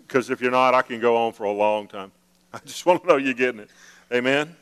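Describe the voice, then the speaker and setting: A man's voice: mid-range voice, a little fast, fairly bright tone, clean tone. A male pastor preaching a conversational sermon, acting out the prayers of the congregation with playful emphasis. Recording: long hall reverb.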